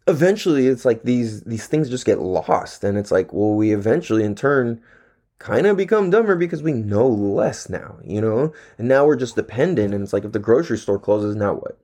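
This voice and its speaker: A man's voice: medium pitch, a little mellow. A man talking to the camera in a casual, rambling monologue, laid-back and full of profane slang, his throat a little dry. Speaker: vlogger.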